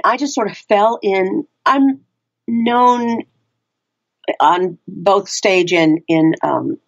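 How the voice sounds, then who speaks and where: A woman's voice: on the low side, muffled recording. A woman, an audiobook narrator and actor, chatting casually in an interview, laughing easily and self-deprecating.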